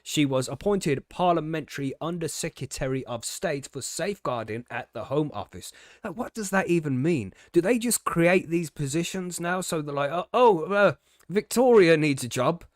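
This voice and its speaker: A man's voice: a little high, animated, moderate pace, few pauses, no echo. Indignant man ranting, dry sound. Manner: indignant, sarcastic, swearing. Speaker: podcast host. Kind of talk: casual ranting commentary.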